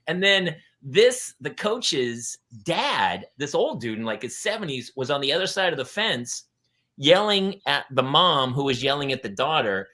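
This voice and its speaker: A middle-aged man hosts a loose, casual panel chat, his voice bright and forward. He tells stories with lively swings in pitch and often leaps into loud, high voices to quote other people. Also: normal speed. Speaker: host.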